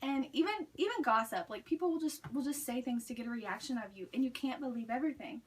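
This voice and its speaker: Telling a story at a quick pace, a young woman speaks in a high-pitched, animated, slightly rough voice. The student chats casually, using "like" again and again, and she was recorded from a distance.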